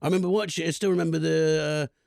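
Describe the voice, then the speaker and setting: A man's voice: fairly high pitch, steady tone, racing, creaky, a little mellow, no echo, clean studio sound. A male comedian guest telling rambling stories in a casual podcast chat, laughing often.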